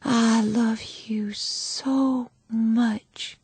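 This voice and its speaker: A woman's voice: steady tone, very slow, darkish tone, slightly rough, no echo, exaggerated voice. Woman doing a frantic young mother in labor. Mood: tender whisper. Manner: cries out in high, strained bursts, then whispers.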